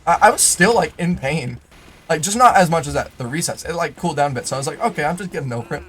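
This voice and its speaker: A man's voice: on the high side, animated, fast talker, a bit bright, breathy edge. A young man telling a rambling personal story while playing a game, full of fillers, restarts and sudden in-game remarks. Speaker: gaming YouTuber. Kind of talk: storytelling over live gameplay.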